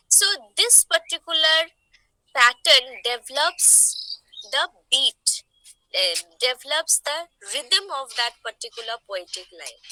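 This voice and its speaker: A woman teaching poetic meter, explaining slowly and asking rhetorical questions. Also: high voice, bright, forceful tone, dry recording, rough recording. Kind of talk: poetry meter lesson.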